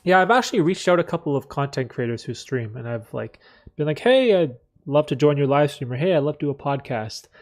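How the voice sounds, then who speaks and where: A man hosting a live stream, chatting candidly in a rambling, reflective way with many fillers, often clearing his throat. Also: a little high, expressive, fairly quick. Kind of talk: casual live stream chat, reading chat.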